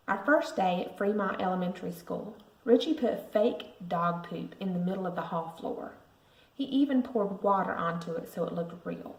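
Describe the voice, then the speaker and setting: Expressive mom reading a picture book. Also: female voice, medium pitch. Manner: expressive storytelling. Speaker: parent reading to a class. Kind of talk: picture book read-aloud. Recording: roomy echo.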